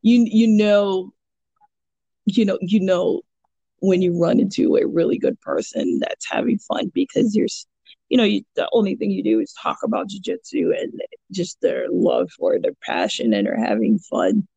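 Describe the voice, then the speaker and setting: Very animated and at a moderate pace, this woman, a purple belt in jiu-jitsu and a kids' coach, tells rambling stories on a podcast, full of fillers and restarts. Her medium-pitched voice is gravelly and warm with a breathy edge, and the audio is dull but echo-free.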